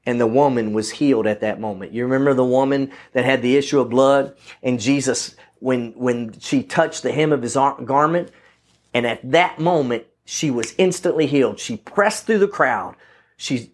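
A man preaching a sermon, reading scripture and pressing its points in an earnest voice that rises into emphatic questions and slows on key lines, with frequent restarts. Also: mid-range voice. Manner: restarts and self-corrections.

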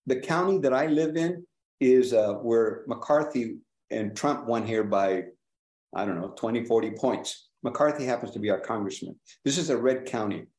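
A man from California, a trial lawyer speaking on a panel, animated and asking questions of the others. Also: mid-range voice, moderate pace, reverberant. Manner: animated, asks the room questions. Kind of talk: panel discussion.

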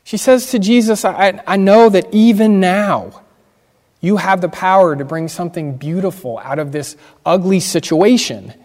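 A man's voice: sits high, moderate pace, a little mellow. A man preaching a sermon as pastor, earnest and emphatic, repeating key phrases. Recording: long hall reverb.

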